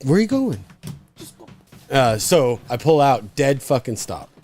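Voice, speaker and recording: A man co-hosting a live podcast, telling stories in a profane, animated, casual way. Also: medium pitch, measured pace. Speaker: podcast co-host.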